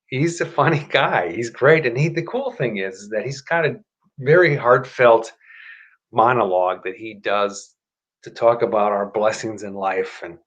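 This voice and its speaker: A man's voice: mid-range voice, a bit bright. Guy hosting a live stream at his computer, chatty and rambling, lots of self-corrections, slides into motivational pep talk. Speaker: host of a live stream show.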